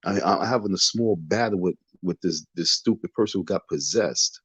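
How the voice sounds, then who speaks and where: A man with a low, husky, fairly bright voice speaks at normal speed into a phone, livestreaming from his dark bedroom. His casual rant is defiant, repetitive and preachy like a sermon, and there's no echo.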